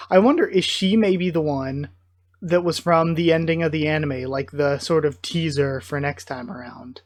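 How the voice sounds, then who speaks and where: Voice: medium pitch, normal speed, no echo. A YouTuber reading a manga aloud and chatting about it, wondering aloud with frequent ums. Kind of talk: casual comic readthrough with commentary.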